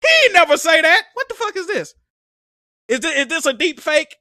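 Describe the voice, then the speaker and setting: A man's voice: very high-pitched, normal speed, dry recording, studio quality. A young man, streaming and ranting profanely about a game console event. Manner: profane, animated, exasperated ranting. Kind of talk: ranting live stream commentary.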